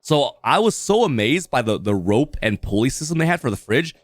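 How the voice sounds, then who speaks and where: A male live streamer telling a casual story in a rambling, filler-heavy way. His pitch swoops up and down a lot as he talks. The sound is dry and close, with no room echo. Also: very animated, fairly quick. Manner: rambling, restarts, lots of "like" and "dude".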